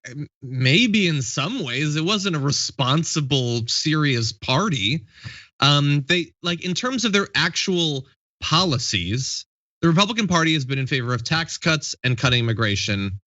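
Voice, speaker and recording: A man's voice: fairly high pitch, lively intonation, unhurried, bright, forceful tone, no room sound, lo-fi sound. A man in his thirties hosting a political talk show, thoughtful and wry, asking questions and reasoning aloud. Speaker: show host.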